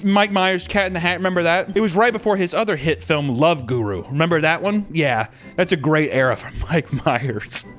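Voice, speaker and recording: A man's voice: on the high side, animated, normal speed, few pauses, fairly bright tone, faint music behind. A man ranting casually as a commentator, profane and exasperated, mocking what he talks about. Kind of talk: casual rant.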